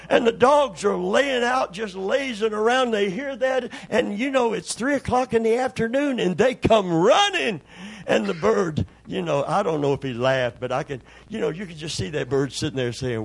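A man's voice: high-pitched, animated, moderate pace, creaky, husky. An older man preaching a sermon, telling folksy stories and acting out the voices in them. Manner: folksy storyteller, acts out voices in anecdotes. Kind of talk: sermon with storytelling.

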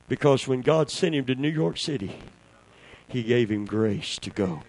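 A man's voice: medium pitch, lively intonation, normal speed, a little mellow, poor audio. A man with a Southern American accent preaching a sermon to a small congregation, calling for responses and telling folksy stories that build to fervent peaks. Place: church before a small congregation.

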